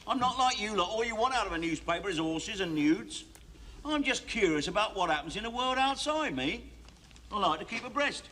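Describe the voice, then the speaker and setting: A cocky wisecracking inmate. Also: male voice, high-pitched, animated, a little fast, sharp tone, heavily acted. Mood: wry. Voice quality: cheeky, sardonic banter. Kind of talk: 1970s sitcom acting.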